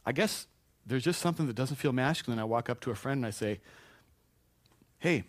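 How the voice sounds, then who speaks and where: Folksy pastor, dry close sound. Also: male voice, mid-range voice, fast talker, no echo. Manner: folksy, anecdotal, with frequent restarts. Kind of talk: conversational sermon.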